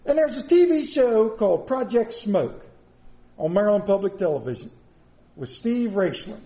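A man's voice: high-pitched, lively intonation, moderate pace, warm tone. A middle-aged man preaching a sermon as pastor, a folksy, joking storyteller. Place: church sanctuary. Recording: roomy church echo.

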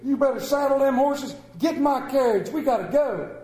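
Grieving old widower, put on by a preacher, halting, tender, high-pitched, mellow tone, echoey room. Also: male voice, natural voice. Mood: gruff, rousing. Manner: halting, speaks tenderly to his late wife. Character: grieving old widower, later roused and gruff.

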